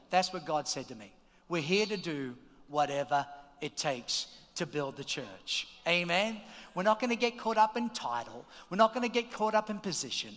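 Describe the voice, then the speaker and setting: High bright-voiced preaching pastor. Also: male voice. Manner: energetic, shouting calls to the congregation. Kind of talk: sermon. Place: large church auditorium. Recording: long hall reverb.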